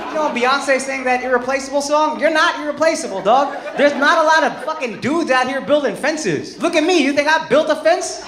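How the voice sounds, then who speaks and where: A stand-up comedian in his thirties works the crowd on a comedy club stage, brash and profane, swinging into mock outrage. His voice is extremely high and moves at normal speed. The echoey club is heavy with background noise and loud audience laughter.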